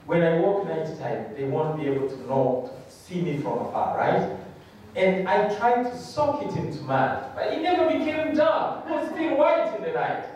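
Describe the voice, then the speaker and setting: High-voiced man preaching in an echoey church. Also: a little mellow, a little hiss or hum. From Rwanda. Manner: earnest storytelling, rising to fervent preaching. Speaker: guest preacher giving testimony. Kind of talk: testimony sermon with call-and-response. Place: church hall. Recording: echoey church hall, voice from far off.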